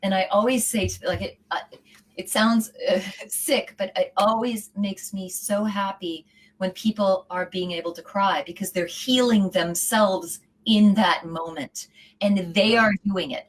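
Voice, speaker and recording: A woman's voice: medium pitch, fairly even intonation, unhurried, rough recording. A middle-aged woman, a yoga teacher, talking earnestly and from the heart as an interview guest, her thoughts running on. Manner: earnest and heartfelt, speaks in flowing run-on thoughts. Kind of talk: casual interview talk.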